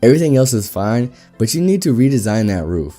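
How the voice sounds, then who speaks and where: A man voicing a big, easygoing immigrant builder who speaks calmly and politely with a thick foreign accent. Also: mid-range voice, brisk, soft background music. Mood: calm, firm. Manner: calm, polite, unruffled.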